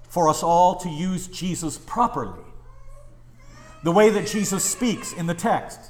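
A high-voiced male pastor preaches a pleading, impassioned sermon, swinging between raised urgency and hushed, tender lines.

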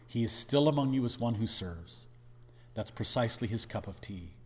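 A man's voice: mid-range voice, animated, moderate pace, husky, long reverb tail. Emphatic male pastor preaching. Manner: emphatic, dramatic, uses rhetorical questions. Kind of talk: sermon.

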